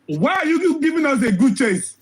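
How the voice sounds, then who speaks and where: A man delivers impassioned commentary, his voice unusually high for a man. He is hoarse, as if losing his voice. He hammers his points with rhetorical questions and repeated phrases, recorded close to the mic. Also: very animated, normal speed, poor audio. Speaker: social commentator.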